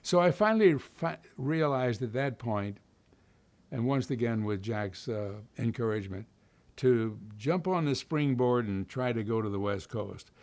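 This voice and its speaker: An older man from Kentucky, giving an oral history interview, telling stories in a relaxed way with many fillers and restarts. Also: medium pitch, measured pace.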